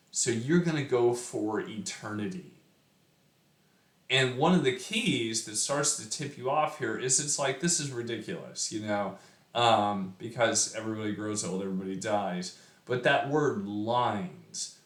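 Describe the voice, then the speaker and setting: A man talks through a poem like a relaxed teacher, chatty and full of asides and fillers. His voice sits in the middle range and is heard in a roomy space with a clear echo. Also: mid-range voice, unhurried. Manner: conversational, chatty with fillers and frequent "right?". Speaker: poetry teacher. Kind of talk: casual explanatory lesson.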